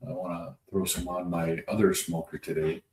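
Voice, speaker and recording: Low voiced guy rambling on a livestream, laid back folksy talk, echoey room. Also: flat delivery, normal speed, darkish tone. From North Dakota. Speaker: livestream host. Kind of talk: casual livestream chat reading comments. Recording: echoey room with faint noise.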